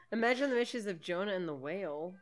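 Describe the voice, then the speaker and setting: A woman co-hosting a podcast, chatting casually and joking while watching a movie. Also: mid-range voice. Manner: joking, teasing banter with frequent laughter. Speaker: podcast co-host.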